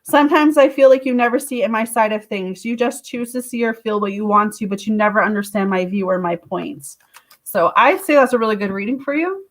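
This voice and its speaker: A woman reading tarot on a live stream. She talks straight to her viewers in a chatty way and breaks into sudden high exclamations. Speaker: tarot reader.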